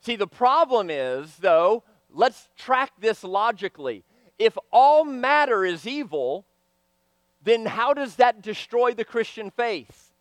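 A man preaching a sermon, swinging from loud emphatic lines to hushed, quiet ones. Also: very high voice, very animated, takes it slowly, no echo.

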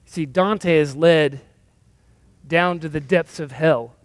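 A man's voice: fairly high pitch, slow pace, dry recording. A male pastor giving a sermon in a conversational, self-deprecating storytelling manner.

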